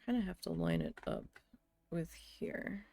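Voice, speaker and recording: A woman streaming a building game, telling a story in a casual, venting way with a lot of swearing, and muttering quietly to herself while she builds. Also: on the low side, huge pitch swings, measured pace, vocal fry, soft background music. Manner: chatty venting with frequent swearing.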